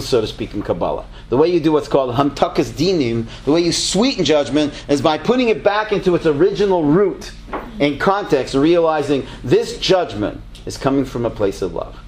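A man's voice: fairly high pitch, a little mellow, a little hiss or hum. A man in his sixties, a rabbi answering audience questions in a conversational, joking way, with Hebrew terms mixed in. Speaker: rabbi teaching a class.

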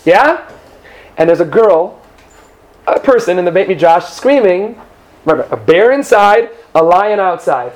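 A man with a high voice teaches a Torah class to women at a measured pace. He's lively, acts out the people he quotes, and checks in with his listeners often.

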